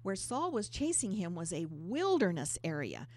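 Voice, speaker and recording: A woman's voice: lowish voice, sing-song, normal speed, darkish tone. A woman co-hosting a Bible talk, earnestly explaining scripture verse by verse. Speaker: Bible teacher co-host.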